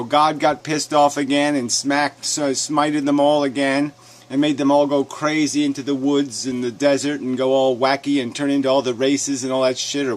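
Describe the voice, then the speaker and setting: A man ranting in a sarcastic, mocking tone, swearing often and chuckling as he reacts to a clip. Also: a little high. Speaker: commentator. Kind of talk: profane rant reacting to a clip.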